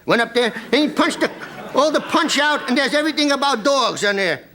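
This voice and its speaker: Middle-aged comic guy cracking jokes on a tv couch, bright punchy voice. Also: extremely high pitch, fairly quick. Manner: animated storyteller with punchline timing. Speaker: comedian guest. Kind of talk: talk-show joke telling. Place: TV studio before an audience.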